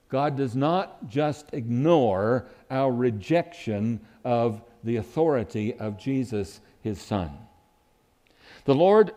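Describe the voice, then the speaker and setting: A man's voice: mid-range voice, dark tone. A man preaching a sermon who acts out quoted lines with sudden rises and dips in his voice.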